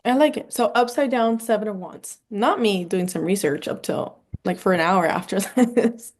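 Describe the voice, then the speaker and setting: A woman's voice: mid-range voice, normal speed, breathy edge. A woman guest, a behavior therapist, chatting casually and repeating short upbeat phrases. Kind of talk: casual chat.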